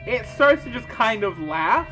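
Guy game master, high bright voice, chatty with lots of uhs. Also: very animated, measured pace, soft background music. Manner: casual, many fillers, describes scenes. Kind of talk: narrating a tabletop game.

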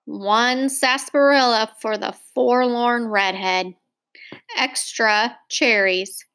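A woman's voice: a little high, steady tone, takes it slowly, a bit bright. A woman reading aloud, voicing a young male bartender who is a college student and teases a regular in a dry way. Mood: teasing.

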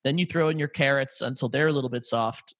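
A man's voice: mid-range voice, fast, fairly bright tone, no room sound. An American man co-hosting a podcast in an office, talking loosely and profanely, explaining things with relish and laughing easily. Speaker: podcast co-host. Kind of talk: casual chat. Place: office room with a large archway.

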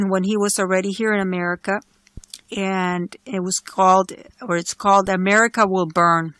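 A woman's voice: medium pitch, a bit bright, dry recording. A woman host solemnly and earnestly telling a personal religious testimony. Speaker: Christian podcast host.

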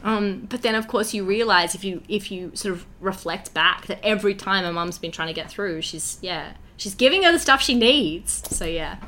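A young woman, a musical theatre writer and performer, talking in an animated, heartfelt way in a casual interview, full of filler words. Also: mid-range voice, normal speed, few pauses.

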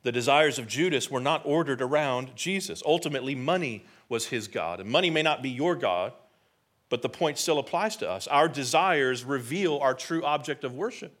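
A man's voice: medium pitch, animated, moderate pace, fairly bright tone. A man preaching a sermon in an emphatic, conversational way, often putting rhetorical questions to his listeners. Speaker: pastor.

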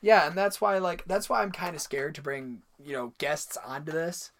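A man's voice: a little high, normal speed, a bit bright. A young man co-hosting a casual podcast, blunt and crude in his joking. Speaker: podcast co-host.

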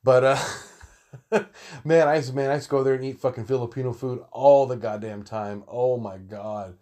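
A man's voice: medium pitch, steady tone, moderate pace, darkish tone. A man, telling stories from his youth in a casual, profane, rambling way, often laughing mid-sentence. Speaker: storyteller. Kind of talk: casual storytelling monologue.

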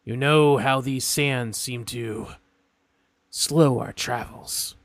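A man voicing a burly, surly male warrior with a huge sword, who speaks slowly and gruffly. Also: medium pitch, slight background noise. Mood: weary.

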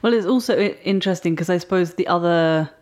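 A woman's voice: lowish voice, quick pace, a little mellow. An English woman co-hosting a podcast, chatting thoughtfully and enthusiastically about a book. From England. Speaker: podcast co-host. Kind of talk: casual podcast chat.

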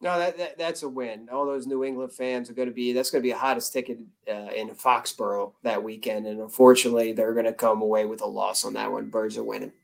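An American man talking as a podcast guest in a casual chat, animated and loud about his team. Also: medium pitch, quick pace, gravelly, few pauses, poor audio. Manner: animated, loud fan talk.

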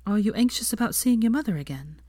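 A woman voicing a caring young woman who speaks softly and reassuringly, close to a whisper. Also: a little high, animated, quick pace, no echo, voice pushed up. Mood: tender. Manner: soft, reassuring, near whisper.

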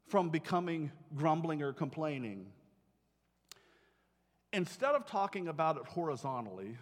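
Male pastor, high voice, animated sermon delivery that acts out quotes; church recording with long reverb.

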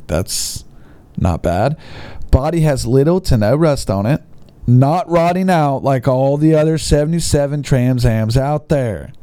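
A man giving comedic commentary with a mocking, sarcastic edge and quick asides. His pitch jumps around a lot, and his tone stays mellow and dark. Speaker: host.

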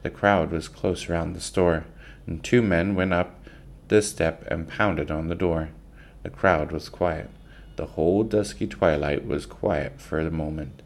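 A man reading a children's book aloud in an unhurried way, with occasional slips and restarts. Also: low-pitched, fairly even intonation, gravelly.

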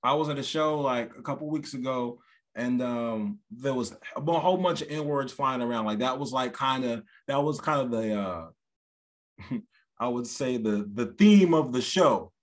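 A man co-hosting a podcast in casual chat, animated and given to acting out other people in a high voice. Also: normal speed. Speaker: podcast co-host; stand-up comedian.

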